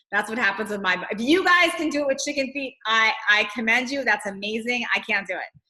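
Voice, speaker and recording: A woman's voice: a little high, brisk, pushed and bright, rough recording. A woman fitness coach chatting casually on a live stream, reading out viewer comments and answering them in a loose, talky way.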